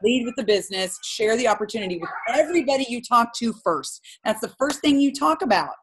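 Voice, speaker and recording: A woman coaching a live group call, talking in an animated and direct way and laughing often. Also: on the high side, fast, a little hiss or hum.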